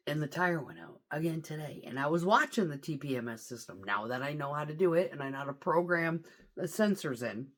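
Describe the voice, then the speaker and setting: Woman truck driver vlogger, low-set voice, very lively pitch, foul-mouthed storyteller. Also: a little fast. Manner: profane, animated storytelling. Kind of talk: casual storytelling vlog.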